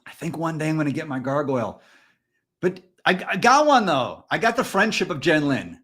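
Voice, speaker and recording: A man co-hosting a candid podcast conversation, telling stories in a loose, animated way with plenty of fillers. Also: fairly high pitch, normal speed, breathy edge. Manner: storytelling, animated, frequent fillers. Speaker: podcast co-host.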